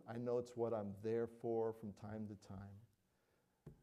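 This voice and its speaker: Earnest middle-aged preacher, mellow voice. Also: male voice, medium pitch. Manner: earnest, conversational, frequent "all right?" and "you know". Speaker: pastor. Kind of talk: sermon.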